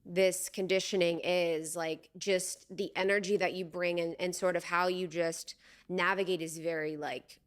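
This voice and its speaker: A woman's voice: fairly low pitch, level tone, moderate pace. A young adult woman hosting a podcast, chatting casually and animatedly, often laughing and saying "like". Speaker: podcast host. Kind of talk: casual conversation.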